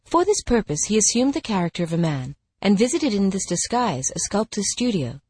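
A woman reading a fable aloud in a clear, expressive storybook narration. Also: medium pitch, a little fast, dry recording, clean studio sound. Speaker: fable reader.

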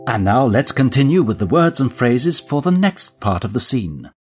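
A man presenting a scripted language course, giving clear instructions. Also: medium pitch, sing-song, normal speed, a little mellow, soft background music. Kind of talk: scripted language-lesson narration.

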